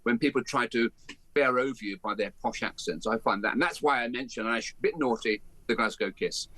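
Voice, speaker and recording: An older man with a softened Birmingham accent, a guest on a talk radio show, speaking in an emphatic, animated and outspoken way. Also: medium pitch, a little fast, no room sound. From Birmingham, England. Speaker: guest, education campaigner. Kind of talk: opinionated talk radio interview.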